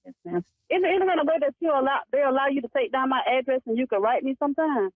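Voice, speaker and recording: Woman caller, deferential and polite, fast speech, phone-line sound. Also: high-pitched. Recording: tinny phone line with faint music.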